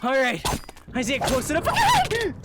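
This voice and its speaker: A man playing through a live roleplay game, excitable, talking to himself and cheering with yelps. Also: extremely high pitch, brisk, over music. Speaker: roleplay player. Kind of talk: live roleplay gameplay chat.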